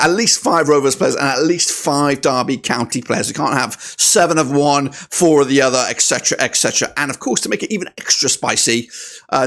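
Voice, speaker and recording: Male football channel host, higher-pitched voice, quick and chatty. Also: vocal fry. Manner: energetic, chatty, leans on "of course". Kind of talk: casual YouTube match preview.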